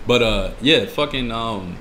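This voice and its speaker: A man co-hosting a podcast in casual chat, animated and profane, laughing often. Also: mid-range voice, slow, slight background noise. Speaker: podcast co-host.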